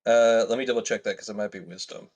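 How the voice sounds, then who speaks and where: A man's voice: fairly low pitch, fairly even intonation, quick pace, darkish tone. A man playing in a tabletop game, eager and easygoing as he describes his moves. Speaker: player. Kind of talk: casual tabletop play.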